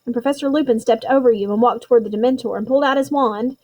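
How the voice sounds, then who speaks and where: A woman's voice: a little high, fast talker, a little mellow, close to an everyday voice, low-quality recording. A woman voicing an anxious, earnest teenage girl explaining what happened.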